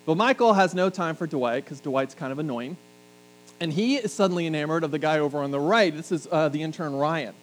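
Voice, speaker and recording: A man's voice: on the high side, fairly quick, rough recording. Joking, conversational male preacher. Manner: conversational, joking asides to the congregation. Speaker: pastor. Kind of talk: sermon. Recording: faint mains hum.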